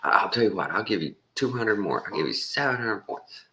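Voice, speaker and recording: A man voicing a pushy male timeshare salesman who talks in rapid sales patter. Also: on the low side, expressive, sharp tone, pitched above the performer's own voice.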